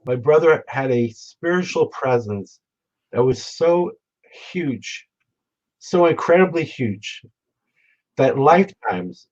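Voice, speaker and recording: A man telling stories in memory of his late brother at a remembrance gathering, speaking in a halting, reflective way with frequent restarts. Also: mid-range voice, dull audio. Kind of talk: storytelling remembrance. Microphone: remote broadcast.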